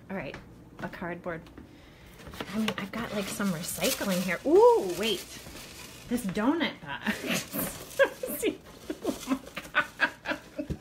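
A woman's voice: on the low side, noisy background. Panicky woman in her kitchen. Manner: panicky, exclaiming, talking to viewers. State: frightened, shaky. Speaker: vlogger. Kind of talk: casual live video. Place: home kitchen.

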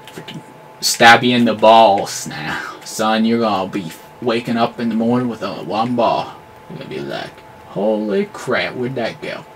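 Excitable gamer man, lively and bright. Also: on the low side, normal speed, slight background noise. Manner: excitable, yelling at the game, clean substitute swears. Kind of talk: live gameplay commentary.

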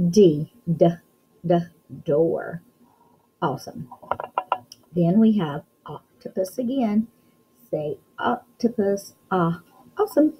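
A woman's voice: medium pitch, lo-fi sound, slight background noise. A young woman teaching a recorded phonics lesson to young children, sounding out letters and praising often. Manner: encouraging, sounds out letters slowly, frequent praise. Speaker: kindergarten teacher.

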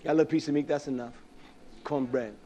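A man preaching a sermon, swinging from low murmurs to raised, fervent passages and asking the listeners rhetorical questions. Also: steady tone, warm tone, a little hiss or hum. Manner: rhetorical questions, drawn-out emphatic words.

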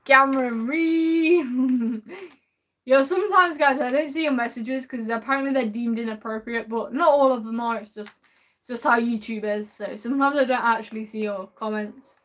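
A woman live-streaming a game, chatting warmly and excitably with her viewers and drawling a repeated sing-song catchphrase. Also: on the high side, normal speed. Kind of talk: live gameplay commentary.

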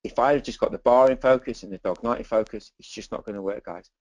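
A man's voice: lowish voice, fast, darkish tone, no room sound, highs cut off. Chatty, enthusiastic male dog photographer. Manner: chatty, enthusiastic, many "okay"s and "literally"s. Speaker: dog photographer teaching a webinar. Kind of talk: presenting slides in a webinar.

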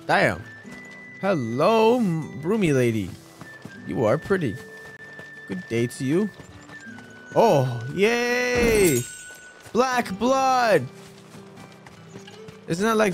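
A man casually commenting on his gameplay, playful, crude and excitable, chatting to the characters on screen. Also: fairly high pitch, drawn-out words, long pauses, soft background music. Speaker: let's play gamer.

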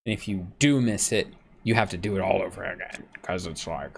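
A man streaming a game, rambling chattily about it and now and then jumping into squeaky joke voices. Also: brisk, gravelly, a little hiss or hum. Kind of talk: casual gameplay commentary.

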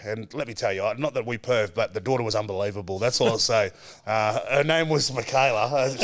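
An Australian man in his forties, a former footballer, telling animated stories as a podcast guest and acting out quoted voices. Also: mid-range voice. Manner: animated storyteller, acts out quoted voices, laughs often. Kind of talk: casual storytelling chat.

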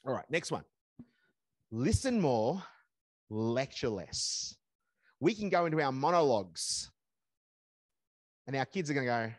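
A man's voice: medium pitch, big pitch swings, measured pace, pauses often, dry recording. A man presenting a live parenting seminar, emphatic and repeating his key phrases.

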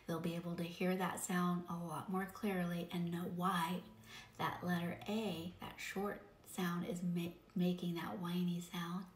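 Lady teacher showing phonics tricks, slow and patient with the example words, bit low, roomy echo. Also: little pitch movement. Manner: patient, demonstrating sounds slowly, drawn-out example words. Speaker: reading teacher. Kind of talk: phonics teaching tips to camera.

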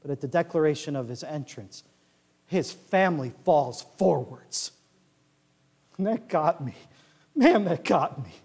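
Male pastor, animated high-voiced sermon delivery, booming church-hall echo. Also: measured pace, pauses often, slightly rough. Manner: animated, swings from quiet asides to loud declarations. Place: large church sanctuary.

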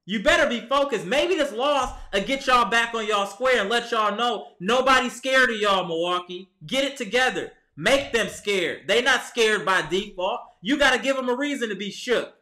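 A high, bright-toned man rants at his team, heated and exasperated, as if talking to the players themselves. His voice rings off the walls of an echoey room at home, picked up by a camera mic. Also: lively intonation, moderate pace. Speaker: sports vlogger. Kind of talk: ranting fan commentary.

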